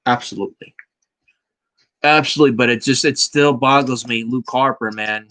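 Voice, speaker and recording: A man's voice: medium pitch, steady tone, normal speed, fairly bright tone. A man hosting a casual wrestling review, blunt and fond of swearing, with "man" tacked onto many lines. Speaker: podcast host.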